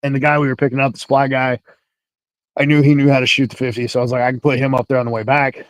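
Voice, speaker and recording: A man telling a military story in casual talk, animated and profane, acting out the dialogue. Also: medium pitch, racing, no echo, rough recording. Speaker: guest, military veteran.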